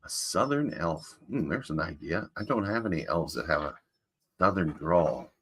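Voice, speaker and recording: A man in character as jolly old Santa Claus, rambling warmly from the workshop in a low, husky voice. His pitch swings up and down as he chats, full of folksy asides. The talk is loose and casual, like a chat with children. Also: lively intonation, moderate pace, heavily acted. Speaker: Santa performer greeting children.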